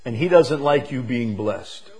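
A man preaching a sermon, moving from quiet, slow reflection to loud, emphatic declarations. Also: mid-range voice, lively intonation, breathy edge. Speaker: pastor.

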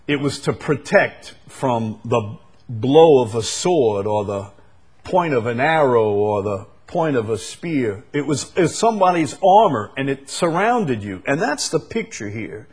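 This husky-voiced man preaches a sermon at a slow, emphatic pace. Sudden loud, high outbursts alternate with soft drops.

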